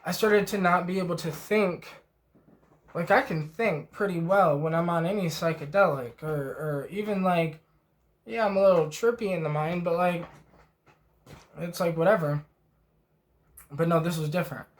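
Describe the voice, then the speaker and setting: A man's voice: on the high side, moderate pace, long pauses. A man vlogging a rambling first-person trip report, emotionally stirred and swearing freely with many fillers.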